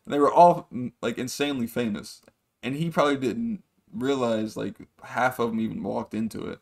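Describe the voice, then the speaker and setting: This is a casual storytelling monologue from a male podcast host who rambles, swears, and acts out what others said with changing voices. His mid-range voice has vocal fry, and he talks at a normal speed.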